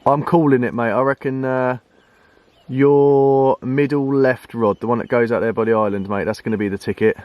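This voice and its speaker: A man chatting casually to camera while fishing outdoors, relaxed and easygoing, calling his friend mate. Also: medium pitch, moderate pace, no echo, phone-quality sound. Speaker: vlogger and angler. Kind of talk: casual fishing vlog chat. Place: lakeside fishing swim outdoors.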